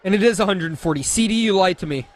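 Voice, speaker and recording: A man casting a racing esports match with play-by-play commentary, excitable and jokey, often correcting himself mid-call. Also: high voice, quick pace, a little hiss or hum. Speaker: esports caster.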